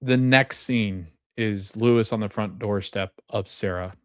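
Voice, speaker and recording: A man's voice: fairly low pitch, unhurried, no echo, studio quality. A man hosting a podcast, casually recapping a TV episode and retelling its scenes with quoted dialogue and loose fillers. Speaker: podcast host.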